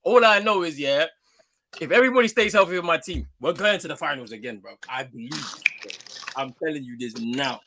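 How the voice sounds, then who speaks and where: A man's voice: on the high side, animated, fairly quick, bright, forceful tone, low-quality recording. A young man with a British accent co-hosting a casual sports debate, teasing his friend in laddish banter. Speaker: co-host.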